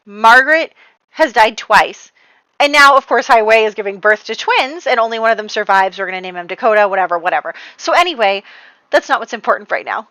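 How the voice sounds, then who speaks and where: Chatty, animated woman narrating a game. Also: on the high side, a little fast, dry recording, low-quality recording. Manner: chatty, animated, often laughing. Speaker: gameplay narrator. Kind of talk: casual game commentary voice-over.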